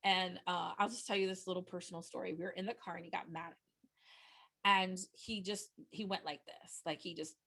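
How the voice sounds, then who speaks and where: A middle-aged woman giving a webinar presentation into a close microphone, earnest and chatty, often restarting her sentences and jumping up in pitch when excited. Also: a little fast, creaky. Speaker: nonprofit communication trainer.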